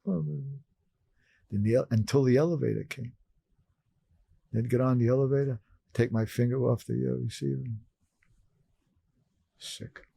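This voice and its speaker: An older man from Brooklyn, New York, telling stories as a podcast guest and acting out his past self in sudden higher voices. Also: fairly even intonation, moderate pace, creaky, pauses often, mellow, no room sound. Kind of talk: storytelling in conversation.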